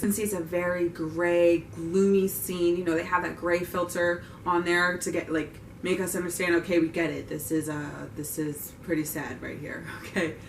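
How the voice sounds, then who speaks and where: A woman's voice: fairly low pitch, a bit bright, a little hiss or hum. A young woman giving a casual, opinionated film recap with wry asides. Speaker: vlogger reviewing a film. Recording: roomy, distant mic.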